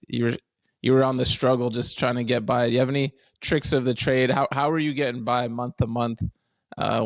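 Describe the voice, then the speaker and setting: A man's voice: mid-range voice, creaky, no room sound. A man hosting a podcast, asking laid-back, slangy interview questions in a studio. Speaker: podcast host.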